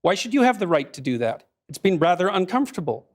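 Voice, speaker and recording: A man debate guest, calm and argumentative. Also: sits high, fast talker.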